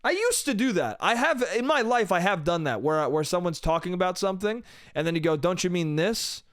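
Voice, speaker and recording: A man's voice: high-pitched, lively intonation, fairly quick, a bit bright, dry recording, clean studio sound. A young man hosting a solo podcast, ranting with profanity and exasperation, now and then mimicking other people. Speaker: podcast host. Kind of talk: solo comedic rant.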